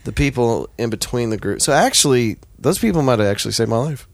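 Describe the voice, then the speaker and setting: An American man casually telling a story on a podcast, animated and profane, acting out the voices of the people in it. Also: mid-range voice, fast talker, gravelly, dry recording. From United States.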